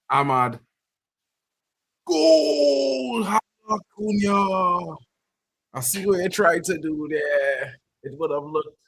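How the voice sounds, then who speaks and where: A man reacts live to a football match on a fan stream. He talks in loose slang and keeps up a running call of the play. At big chances his voice jumps into loud, high yells. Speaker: fan livestream host.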